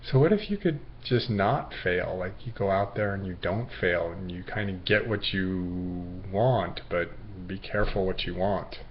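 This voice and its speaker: A man's voice: low-pitched, measured pace, few pauses, dull audio, a little hiss or hum. Rambling, self-amused male host. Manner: rambling, laughs at his own stories, acts out quotes. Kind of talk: casual monologue with anecdotes.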